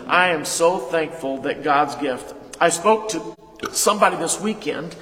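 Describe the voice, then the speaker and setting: A man preaching a sermon as pastor, leading call-and-response and retelling a conversation, with sudden loud emphasis. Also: fairly high pitch, animated, a little slow. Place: church sanctuary. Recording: echoey hall reverb.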